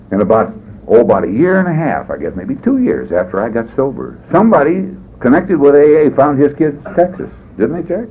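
A man's voice: medium pitch, big pitch swings, fast. A man speaking at a recovery meeting, telling his story in a rambling, folksy way with wry humor. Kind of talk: personal testimony talk. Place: meeting room. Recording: tinny lo-fi tape with faint hiss.

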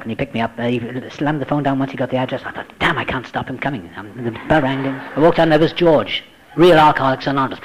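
A man telling his recovery story to a group, acting out the voices he quotes and dropping to a hush at tense moments. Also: medium pitch, quick pace, husky, rough recording. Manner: dramatic, acts out quoted voices, drops to hushed tones. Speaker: speaker sharing a recovery story. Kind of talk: personal testimony, storytelling.

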